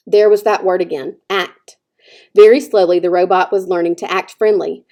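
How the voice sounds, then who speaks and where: A woman teacher reading a children's novel aloud with expressive storytelling. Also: fairly low pitch, moderate pace. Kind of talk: children's book read-aloud.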